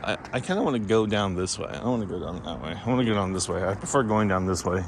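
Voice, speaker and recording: A young man with a lowish voice rambles through a casual vlog, self-conscious and full of restarts. Traffic and street sounds run clearly underneath. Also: animated, racing, hardly any pauses. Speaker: vlogger. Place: outdoors by a street. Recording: outdoor street noise behind.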